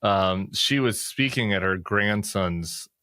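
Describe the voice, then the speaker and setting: A man's voice: fairly low pitch, takes it slowly, bright, forceful tone, dry recording, studio quality. A man hosting a political podcast, chatting casually and joking at his own expense, with plenty of fillers. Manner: jokey, self-deprecating, chatty with fillers. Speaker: podcast host.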